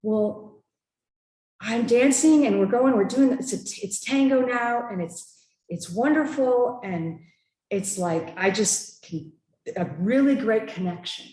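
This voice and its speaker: A woman telling a personal story at a church gathering, animated and laughing, acting out what people said. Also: a little high, takes it slowly. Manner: animated, laughing, with acted-out quotes. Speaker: church member sharing a story. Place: church hall. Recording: echoey church hall.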